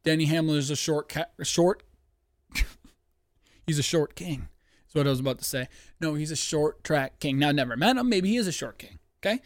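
A man hosting a sports-betting podcast from home, hyped and profane, breaking into yelling on a close mic. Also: a little high, expressive, quick pace, dry recording. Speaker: podcast host. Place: home studio, dogs nearby.

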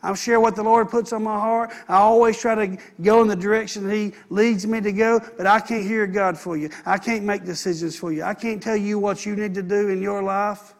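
A man delivers a sermon. His voice sits high for a man, and he drives his points home by repeating phrases with earnest conviction. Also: fairly even intonation, brisk, hardly any pauses. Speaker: pastor.

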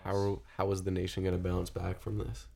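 Young male podcast co-host, gravelly, loose and profane. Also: low voice, completely flat delivery, fairly quick, darkish tone. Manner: loose, swearing, setting up bits. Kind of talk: casual chat.

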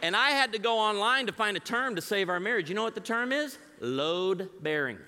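A middle-aged man from the Chicago area preaches to a church crowd, telling funny stories and acting out the people in them. His voice is bright and fairly high, and it carries through a big hall with a long reverb. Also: fast, clear, resonant tone. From Chicago area, United States. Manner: animated storytelling, acting out quoted voices. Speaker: guest speaker. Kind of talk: humorous church message. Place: large church auditorium.

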